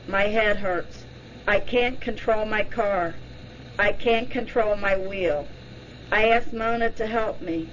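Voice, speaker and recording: A woman reading the part of a terrified woman under hypnosis, pleading and frantic as she relives a night drive. The voice sits at a middle pitch and moves slowly. The recording is dull and lo-fi, with faint noise underneath. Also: close to an everyday voice.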